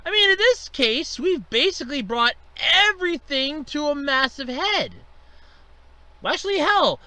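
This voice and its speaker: A man's voice: very high-pitched, animated, a little slow, pushed and bright, no echo. A man hosting a comedic rant series, exasperated and profane, complaining with mock outrage.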